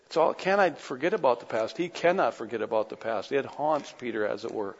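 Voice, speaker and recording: A man's voice: mid-range voice, fairly quick, slight background noise. A man preaching a sermon with passion, pressing his listeners with rhetorical questions. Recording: echoey hall, dull lo-fi sound.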